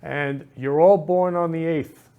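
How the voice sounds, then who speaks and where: A man's voice: on the high side, steady tone, a little slow, phone-quality sound. A man hosting a casual talk show, effusive and affectionate, repeating loving phrases as he welcomes his guests. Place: indoor studio or temple room.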